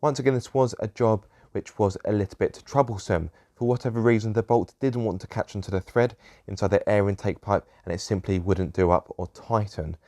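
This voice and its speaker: A man's voice: on the low side, a little fast, few pauses, darkish tone, dry recording, studio quality. A young man narrating his own car repair vlog, grumbling in a self-deprecating way about fiddly parts. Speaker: car vlogger. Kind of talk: casual DIY vlog narration.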